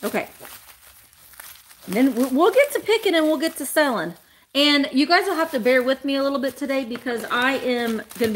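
A woman's voice: a little high, fairly bright tone, slight background noise. A woman hosting a live vintage sale, chatting casually and gushing over each item she unwraps. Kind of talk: casual live-stream chat.

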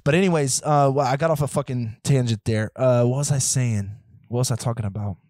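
Ranting solo on his casual podcast, a man rambles restlessly, swears, and drifts into tangents with many fillers, lurching from loud outbursts to muttered asides. The mic is dry with no echo; his voice is mid-range and a little fast.

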